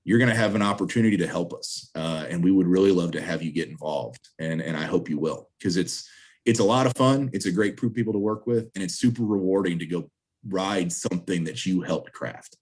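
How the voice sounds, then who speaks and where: A man's voice: low voice, a little fast, a little mellow, slightly rough. A man, president of a trail association, speaking earnestly and upbeat as a guest in a video-call interview, appealing for volunteers.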